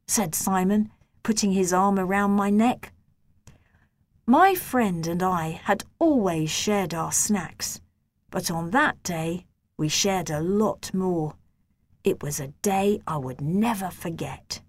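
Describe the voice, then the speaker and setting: A woman reading a children's story aloud in a slow, gentle manner. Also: mid-range voice, expressive. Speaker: narrator.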